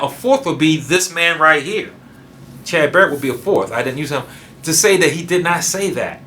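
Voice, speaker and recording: Bright-voiced man preaching emphatically. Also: slight background noise. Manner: emphatic, spells words out, drops to low asides. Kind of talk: sermon.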